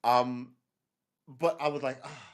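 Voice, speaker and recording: A man's voice: mid-range voice, lively intonation, normal speed. A man hosting a live stream, rambling through casual commentary, correcting himself and reading the chat aloud.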